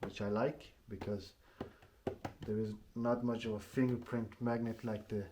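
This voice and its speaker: A man's voice: fairly low pitch, flat delivery, a little slow, background noise. A man doing a casual product unboxing at home in his apartment, speaking plainly and often restarting his phrases. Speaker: tech reviewer.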